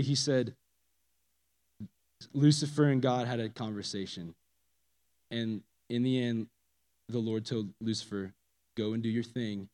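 Man testifying in a reverberant hall. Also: a little high. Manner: casual and animated, swinging from loud emphasis to hushed asides. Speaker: speaker giving a personal testimony. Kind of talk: spoken testimony to a church audience. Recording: long reverb of a large hall.

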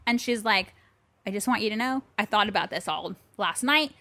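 A woman co-hosting a podcast from her bedroom chats casually, animatedly telling a story and acting out both sides of a phone call. Her voice is medium in pitch, bright and forceful, at a moderate pace, with no echo.

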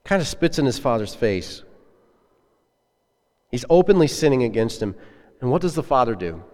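A man's voice: mid-range voice, sing-song, normal speed, darkish tone. A man preaching a sermon as a pastor, earnest and conversational, putting questions to his listeners. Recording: echoey hall with long reverb.

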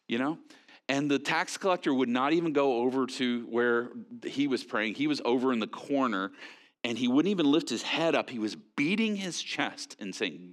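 A man preaching a sermon in a conversational, animated way, with frequent fillers and restarts. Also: mid-range voice, normal speed. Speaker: pastor.

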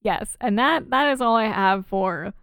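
A woman's voice: mid-range voice, animated, measured pace, a bit bright, smooth, no room sound, studio quality. A young woman co-hosting a podcast in casual chat, talking freely with lots of fillers and laughter. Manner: chatty, laughs often, many fillers and restarts. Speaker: podcast co-host.

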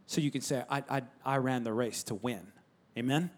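A man's voice: medium pitch, normal speed. A man preaching a sermon in a conversational, emphatic style, repeating phrases and calling out to the congregation. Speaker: pastor.

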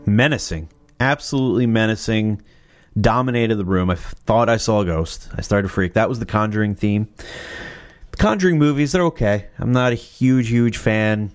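A man with a fairly low voice talks at a moderate pace, casually rambling about horror movie themes as the host, correcting himself and swearing offhand. Faint music plays in the background.

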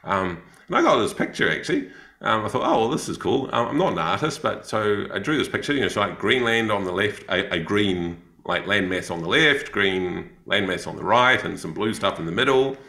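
A man's voice: lowish voice, animated, brisk, creaky, bright, forceful tone, roomy sound. A man with a New Zealand accent telling a story in a casual chat, rambling with many fillers and restarts. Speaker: podcast co-host, missionary.

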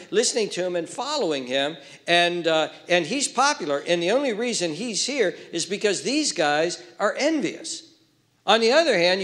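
Guy preaching a sermon, kinda high voice, gets loud then goes real quiet. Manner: dramatic, swings from loud emphasis to hushed near-whisper. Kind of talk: expository sermon.

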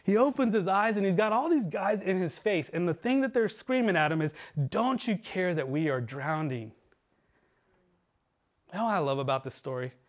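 High-voiced man preaching earnestly. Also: animated, fast, few pauses. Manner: earnest preaching, voice dropping low and soft for emphasis. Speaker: pastor. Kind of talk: sermon. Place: church livestream.

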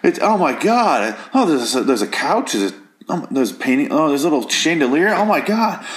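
A man's voice: a little high, big pitch swings, normal speed, voice pushed up. A man acting out an awestruck man gushing over every object in a replica house, in breathless exclamations. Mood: amazed.

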